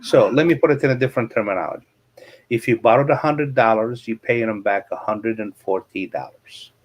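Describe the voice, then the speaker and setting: Give me a middle-aged man with a medium-pitched voice, guesting on an interview and explaining money with simple stories. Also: a little fast. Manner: anecdotal, explains money with plain examples. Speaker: real estate investor and coach.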